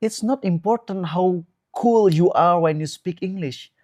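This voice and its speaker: Male Islamic teacher, Indonesian accent, unhurried drawn-out delivery, friendly guest tone. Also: sits high, darkish tone. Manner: measured, drawn-out emphatic phrasing with frequent restarts. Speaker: ustadz guest giving advice. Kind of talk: relaxed preaching talk.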